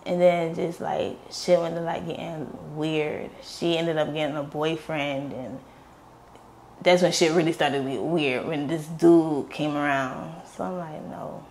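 A young woman speaks with a slightly low voice, blunt and full of swearing as she recounts her past. She acts out the people in her story as she goes. A faint hum of ambient noise sits under the recording. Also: fairly even intonation, a little slow, darkish tone. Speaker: interview guest. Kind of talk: candid storytelling.

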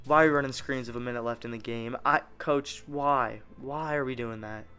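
A young man commentates on his own football video game, calling each play out loud. His voice is smooth and clear at a middling pitch, with faint game music underneath. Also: moderate pace. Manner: excitable, narrates plays as they happen. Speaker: gaming YouTuber. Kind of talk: live gameplay commentary.

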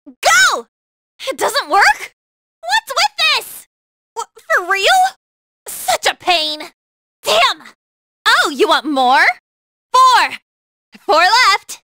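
Game battle barks for a whip-cracking teen girl thief, feisty and taunting, slow and lively in pitch, dry studio sound. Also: no echo, heavily acted. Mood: fierce. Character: fiery teenage girl phantom thief with a whip. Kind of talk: video game battle voice lines.

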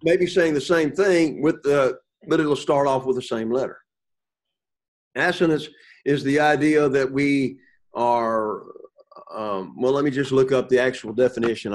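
A man teaching a Bible class to students, pausing often, repeating words and checking in with "okay?". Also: medium pitch. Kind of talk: classroom lecture with questions to students.

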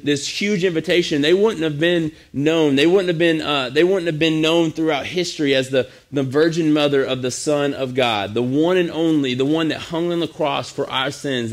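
A man as youth pastor giving a sermon in a casual, conversational way with frequent restarts. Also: fairly high pitch.

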